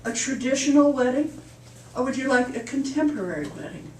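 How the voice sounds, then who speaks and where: A woman doing a brisk wedding minister, echoey hall. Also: very high voice, expressive, a little mellow, recorded from a distance, slight background noise. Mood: matter-of-fact. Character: matter-of-fact male wedding minister.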